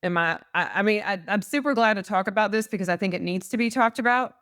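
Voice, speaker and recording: A woman's voice: medium pitch, fast, fairly bright tone, dry recording, studio quality. A woman in her forties from Texas, a guest on a faith-based interview podcast, telling her story earnestly and with emotion.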